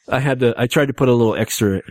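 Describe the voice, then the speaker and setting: A man's voice: mid-range voice, a little mellow, no room sound. Guy hosting a podcast after getting two back teeth pulled, rambling, dry close sound. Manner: rambling, with many fillers and restarts. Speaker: podcast host. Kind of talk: casual podcast chat.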